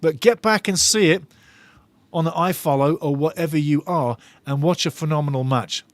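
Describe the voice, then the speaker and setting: Eager football fan host, dry close sound. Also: male voice, on the high side, moderate pace, no room sound. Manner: enthusiastic, repeats phrases, reads chat comments aloud. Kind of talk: live football watch-along chat.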